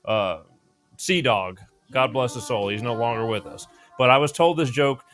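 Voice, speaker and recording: A man's voice: mid-range voice, normal speed, soft background music. A man hosting a casual late-night talk show, rambling and telling jokes. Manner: rambling, animated, joke-telling. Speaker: show host.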